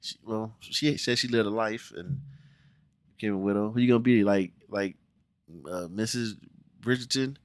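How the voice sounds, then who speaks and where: A man with a low voice and an American accent from around Cincinnati, giving a casual review of a TV show. He talks bluntly and with plenty of profanity, sounding exasperated, and puts on mock voices for the characters. The recording is dry, with no room sound. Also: moderate pace, long pauses, dry recording. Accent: American, Cincinnati area. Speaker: TV review vlogger.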